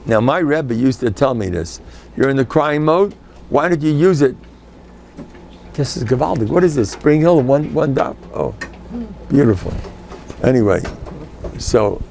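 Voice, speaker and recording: An older man giving an informal, animated Torah class as a rabbi, sprinkling Yiddish and Hebrew phrases. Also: mid-range voice, unhurried, gravelly, long pauses, a little hiss or hum.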